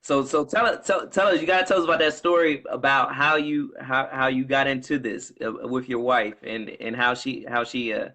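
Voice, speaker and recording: A man's voice: mid-range voice, steady tone, moderate pace, hardly any pauses, pushed and bright. Encouraging man hosting an interview. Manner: encouraging, frequent affirmations. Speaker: interview host, company CEO. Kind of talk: casual interview chat.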